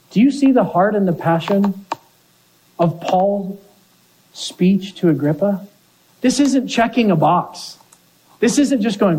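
A man preaching a sermon with earnest conviction, asking his listeners question after question. His voice sits a little high for a man, with a mellow, husky tone. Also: expressive, a little slow, pauses often, poor audio. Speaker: pastor.

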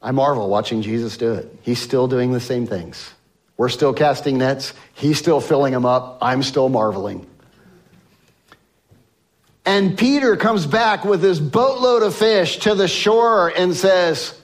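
A man preaching a sermon, telling a Bible story and acting out the voices of the people in it, dropping from loud to hushed. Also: medium pitch, lively intonation, a little slow. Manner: swings from loud emphasis to soft hushed lines. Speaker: pastor.

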